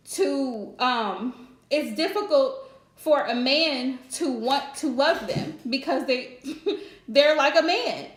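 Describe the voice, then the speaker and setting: High-voiced lady doing a live stream, chatty, blunt, laughs a lot, roomy echo. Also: fairly bright tone. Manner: chatty, direct, laughs often. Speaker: live-stream host giving relationship advice. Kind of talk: casual live-stream chat.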